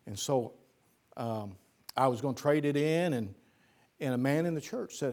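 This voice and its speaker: A man's voice: medium pitch, animated, moderate pace, pauses often, darkish tone. A man preaching a sermon, telling a folksy story and then building to fervent emphasis.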